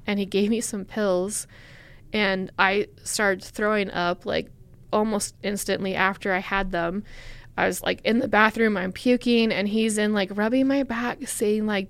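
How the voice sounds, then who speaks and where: A young woman speaking candidly and haltingly as a guest in a podcast interview, with many fillers. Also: mid-range voice, steady tone, a bit bright, clear, resonant tone, no echo. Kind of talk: personal storytelling in a podcast interview.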